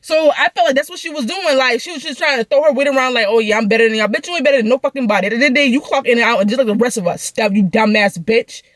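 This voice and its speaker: A woman's voice: high voice, no room sound. A young woman venting through a profane, heated storytime rant. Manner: heated, profane, rapid ranting.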